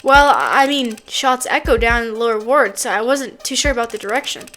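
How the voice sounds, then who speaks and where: Hesitant drawling young cop voiced by a woman, slow testimony, high-set voice. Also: fairly bright tone, soft background music, lightly acted. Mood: testifying. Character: young male police officer with a southern drawl, plain and dull.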